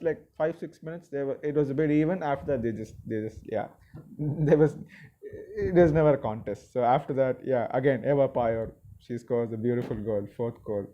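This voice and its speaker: Excitable man reviewing a football match. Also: medium pitch, muffled recording. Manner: excitable and opinionated, mocking rivals. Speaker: football vlogger.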